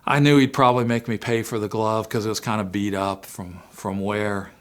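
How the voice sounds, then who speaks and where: A man speaking to parents in a faith-based family talk, telling a personal story earnestly and swinging between hushed and emphatic moments. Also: fairly low pitch, fairly even intonation, moderate pace. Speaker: Christian family-series speaker.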